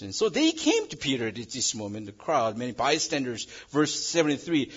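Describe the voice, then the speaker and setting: A male pastor preaching a sermon in English that is not his first language, swinging between loud emphasis and a quiet hush. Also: mid-range voice, big pitch swings, moderate pace, husky, muffled recording. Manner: non-native English phrasing.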